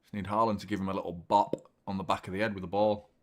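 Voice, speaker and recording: A man's voice: deep voice, flat delivery, fast. A man hosting a live football watchalong, commenting on the match, chatting to viewers and swearing freely. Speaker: host of a football watchalong stream.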